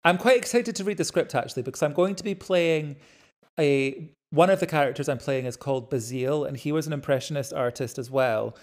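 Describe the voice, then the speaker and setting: Scottish co-host, playful and excitable, teases freely, casual chat voice. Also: medium pitch. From Scotland. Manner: enthusiastic, playful, quick to tease. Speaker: podcast co-host and actor.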